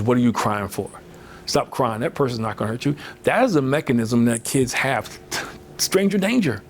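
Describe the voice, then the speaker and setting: Give me a man at an average pitch giving an animated, chatty motivational talk, with a faint hiss behind. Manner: conversational, fills with "you know", acts out quoted voices. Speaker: motivational speaker.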